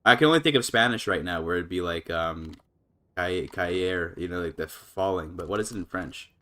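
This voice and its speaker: This man's low voice moves at a moderate pace as he casually commentates a strategy game live. He thinks out loud with plenty of fillers and false starts, breaks into laughs frequently, and gets noticeably higher when excited.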